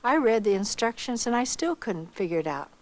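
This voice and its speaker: A woman's voice: fairly high pitch, big pitch swings, low-quality recording. Older woman telling a folksy personal story. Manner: unhurried, folksy, with pauses and soft hesitations. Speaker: missionary telling her life story.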